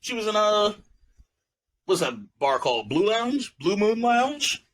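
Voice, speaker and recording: A young man co-hosting a podcast, chatting casually and telling stories loudly with lots of laughter. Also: high voice, a little slow, rough recording. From New York. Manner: loud animated storytelling, lots of laughing. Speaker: podcast co-host. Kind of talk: casual chat.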